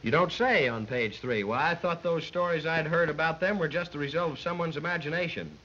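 A man with a bright, somewhat high voice plays announcer and straight man, narrating a silly stunt in mock-dramatic tones with chuckles between lines. It sounds like a muffled 1930s film soundtrack with a faint hiss. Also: a little fast. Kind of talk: 1930s radio comedy patter.

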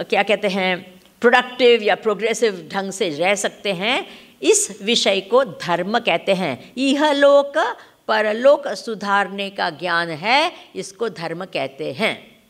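A woman with an Indian accent giving a spiritual lesson on Vedanta. She often checks in with her listeners, switches into Hindi now and then, and laughs as she explains. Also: on the high side. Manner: animated, laughs while explaining. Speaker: spiritual teacher. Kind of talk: Vedanta discourse.

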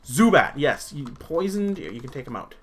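A man's voice: medium pitch, sing-song, moderate pace, slightly rough. A man chatting playfully through a let's play, singing silly little ditties as he goes. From Canada. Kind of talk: casual gameplay commentary.

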